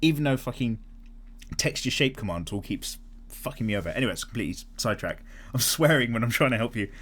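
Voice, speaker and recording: A man hosting a casual art vlog, chatting and answering viewer comments in an animated way, swearing freely as he goes. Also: mid-range voice, fast talker. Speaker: art channel host.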